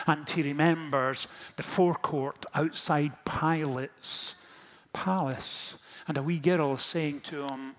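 A man, a pastor, preaching a sermon in a storytelling manner that moves from hushed lines to impassioned ones. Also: fairly high pitch.

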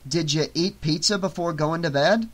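A man's voice: fairly high pitch, normal speed, natural voice. A man reading an audiobook, voicing a flippant young man who jokes and teases. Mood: joking. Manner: teasing, flippant. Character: goofy joking young man.

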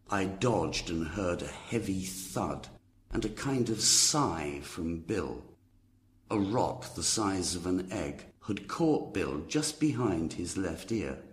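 Deep-voiced man narrating a story. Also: a little hiss or hum. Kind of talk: audiobook story narration for learners.

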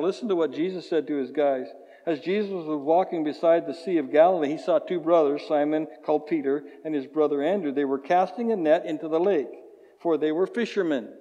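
A man preaching a sermon as pastor, animated and chuckling often, acting out little voices. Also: a little high, normal speed. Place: church sanctuary. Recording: church hall reverb.

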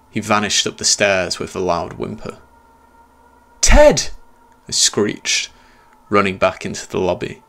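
A man with a low, gravelly voice reads a first-person horror story aloud. His delivery is tense and dramatic, and full of rough texture. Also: a bit bright. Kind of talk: scripted horror narration.

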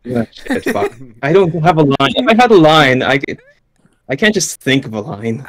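A man's voice: fairly high pitch, sing-song, moderate pace, a bit bright, no echo. A man, a voice actor guest in an online voice chat, speaking hesitantly and swearing when he gets stuck. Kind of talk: casual chat, improvising.

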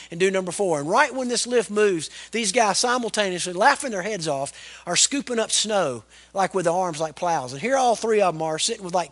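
A high-voiced pastor in his forties, telling stories from the pulpit with lively, folksy animation. His sermon delivery has a warmth of dialect and a conversational build. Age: 40s. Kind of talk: storytelling sermon.

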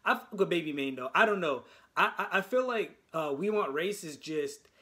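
A man from the United States giving casual music reaction commentary, talking excitedly and stumbling over his words. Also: on the high side, normal speed.

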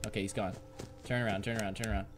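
A man's voice: on the low side, fairly even intonation, very fast, soft background music. A man doing let's-play commentary, frantic and swearing as he barks orders at the game. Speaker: gamer.

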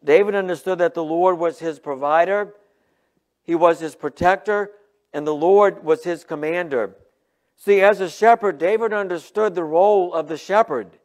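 Earnest pastor preaching, fairly high voice. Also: male voice, a little mellow. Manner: earnest, emphatic, slows to stress scripture. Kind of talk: sermon. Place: church, livestreamed sermon.

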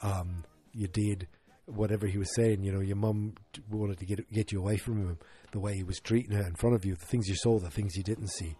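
A man putting on an Australian accent to voice a blunt, tough male mercenary, speaking low and murmured. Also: fairly even intonation, fairly quick, mellow, husky. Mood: consoling. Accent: put-on Australian.

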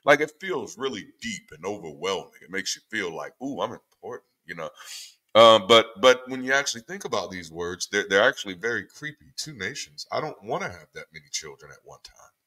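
A man with a lowish, bright and forceful voice talks through a Bible study in an easy, conversational way. He restarts often by repeating words, and his delivery is animated and irreverent. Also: a little fast. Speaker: former pastor leading a Bible study. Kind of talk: casual spoken commentary on scripture readings.

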